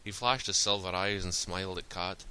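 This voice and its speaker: A man reads a story aloud in a steady, plain style. His voice sits fairly low but comes across forceful and sharp-edged. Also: normal speed, a little hiss or hum. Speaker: narrator. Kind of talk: storybook reading.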